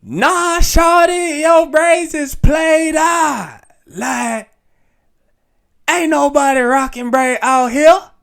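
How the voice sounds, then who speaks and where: A man putting on a sassy young southern woman with a southern accent, teasing and loud. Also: very high-pitched, fairly even intonation, drawn-out words, vocal fry, voice pushed up, exaggerated voice. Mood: mocking.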